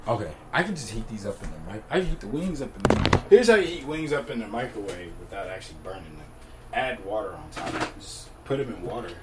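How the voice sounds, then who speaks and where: A man's voice: lowish voice, animated, fast talker, very noisy. A young man casually telling funny stories, laughing often and acting out the other people's lines. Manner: laid-back, laughs often, swears freely; acts out dialogue in shifting voices. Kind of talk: casual storytelling.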